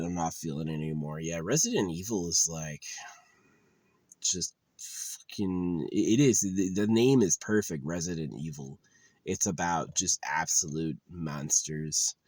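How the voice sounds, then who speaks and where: A man's voice: deep voice, normal speed, a little mellow, no echo. A tired young man ranting casually about a game, frustrated, swearing often and rambling with lots of fillers. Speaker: gamer venting about a game. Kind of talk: casual rant to camera.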